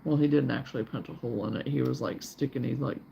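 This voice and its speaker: A woman's voice: a bass voice, fairly even intonation, fast, vocal fry, dull audio, slight background noise. A woman hosting a crochet livestream, chatting in a rambling, easygoing way, yawning and sleepy. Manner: rambling, chatty, reads viewer comments aloud. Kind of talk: casual livestream chat.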